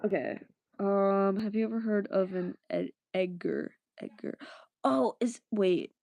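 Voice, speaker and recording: Woman streamer, unhurried rambling chat with her viewers, dry close sound. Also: mid-range voice, sing-song, vocal fry, mellow, no room sound. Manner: rambling, laughing, answering chat. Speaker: livestreamer. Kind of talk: casual livestream chat.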